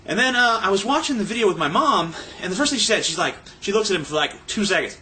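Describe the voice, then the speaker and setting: A young man rambles through a crude, sarcastic rant to his camera. His bright, slightly high voice swoops around a lot. A faint noise sits behind him. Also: sing-song, fast talker, few pauses. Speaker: vlogger. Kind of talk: casual profane rant.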